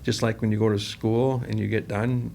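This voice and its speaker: A man runs a company and talks about it in a loose, rambling way. He acts out both sides of every conversation he retells. His voice has a gravelly, fry-edged texture, with faint noise in the recording. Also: fairly low pitch, little pitch movement, normal speed, darkish tone. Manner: rambling, acts out quoted dialogue. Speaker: company president, podcast guest. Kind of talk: casual storytelling interview.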